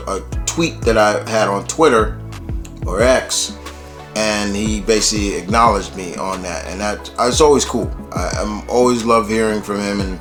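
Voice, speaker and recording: A man's voice: lowish voice, a bit bright. A man from New York hosting his own channel, chatting loosely about wrestling with lots of fillers. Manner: loose, rambling, many fillers. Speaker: YouTube host. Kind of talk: casual wrestling commentary vlog.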